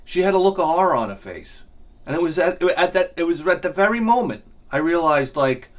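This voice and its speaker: A middle-aged man telling a rambling, self-mocking comic story with lots of swearing and loud bursts of laughter. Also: fairly high pitch, expressive, brisk. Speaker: video game collector vlogger.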